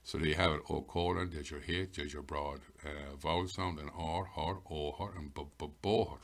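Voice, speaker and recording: Man, very low voice, gravelly, methodical pronunciation lesson. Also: steady tone, fairly bright tone. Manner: slow, methodical, sounding out words. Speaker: Irish language teacher.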